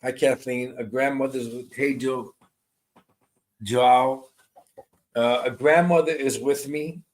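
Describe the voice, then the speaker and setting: A man working as a medium on a live stream, greeting viewers by name and describing spirit messages in a soft, reassuring way. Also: medium pitch, fairly even intonation, slow pace, low-quality recording.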